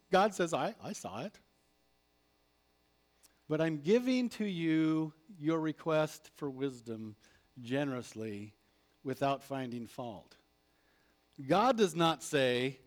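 Animated man preaching a sermon. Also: on the high side. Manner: animated, acts out prayers and God's replies. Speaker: pastor.

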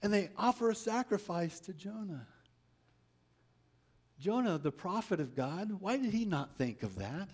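A man's voice: sits high, very animated, a little slow, long pauses. A man preaching a sermon, reading a Bible story aloud and asking his listeners rhetorical questions.

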